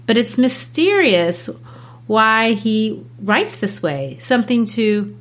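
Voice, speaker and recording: Woman teacher, fairly high voice, animated, quick asides, explaining a play. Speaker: literature teacher. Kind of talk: enthusiastic lesson talk.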